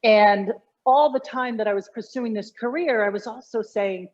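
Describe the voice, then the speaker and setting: A woman's voice: on the high side, normal speed, darkish tone, dull audio. A middle-aged woman, a communication coach, explaining her work animatedly in an interview, often restarting her sentences. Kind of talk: conversational interview.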